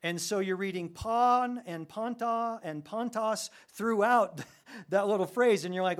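A man preaching a sermon, animated, with his voice rising sharply when he gets excited. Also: high-pitched, measured pace. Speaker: pastor.

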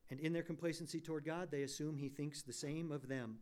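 A man's voice: a little high, fairly even intonation, a little fast, darkish tone. A man preaching a sermon, posing rhetorical questions and rising to emphatic peaks. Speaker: pastor.

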